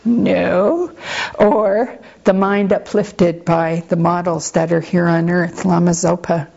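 Mellow-voiced woman giving a relaxed dharma talk. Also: fairly low pitch, slow pace, creaky. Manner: conversational and gently humorous, with frequent asides to listeners. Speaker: Buddhist teacher. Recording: slightly muffled lo-fi recording.

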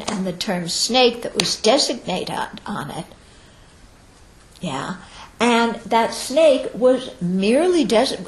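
A woman giving a Buddhist teaching to students, explaining step by step and often checking in with "okay?". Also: mid-range voice. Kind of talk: dharma talk to students. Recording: roomy echo.

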